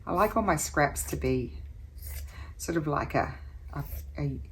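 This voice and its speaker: A woman's voice: sits low, expressive, measured pace, slight background noise. A woman talking through her sewing project as a craft vlogger, chatty and thinking aloud with little exclamations.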